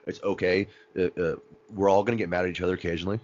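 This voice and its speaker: A man's voice: low voice, little pitch movement, rapid-fire, a little mellow, muffled recording. A man co-hosting a podcast, chatting casually and animatedly about favorite episodes, often acting out quotes and laughing. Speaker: podcast co-host. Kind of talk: casual fan chat.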